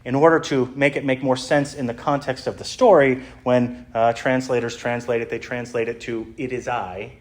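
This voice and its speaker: A middle-aged man teaches from scripture in an easygoing, conversational tone. His pitch sits in the ordinary middle range. He pauses often on "uh" while working through an explanation. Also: flat delivery. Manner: conversational, explanatory, frequent "uh" fillers. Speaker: pastor. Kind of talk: sermon teaching.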